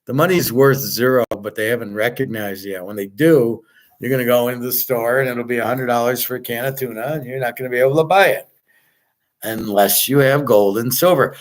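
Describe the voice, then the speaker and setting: A man holding forth in a loose, rambling monologue. He talks bluntly and swears freely, and his voice sits at an ordinary middle pitch. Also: brisk. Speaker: host. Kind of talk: casual monologue.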